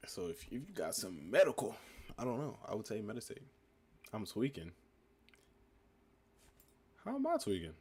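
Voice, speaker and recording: Young male streamer, 19, low and gravelly, relaxed chat reading comments. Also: fairly quick. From United States. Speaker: livestream host. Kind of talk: casual live-stream chat answering comments.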